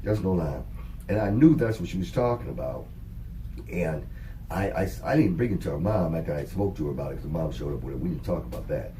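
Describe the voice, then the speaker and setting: A man co-hosting a talk show, casually telling a story in an animated, profane way and acting out what people said. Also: low voice, fast. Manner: animated, profane, acts out quoted dialogue. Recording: distant mic with faint background noise.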